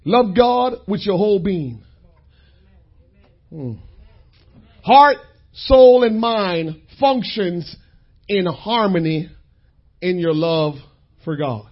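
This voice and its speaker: A man preaching a sermon, repeating key lines and calling out to the congregation in drawn-out phrases. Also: high-pitched, animated, muffled recording.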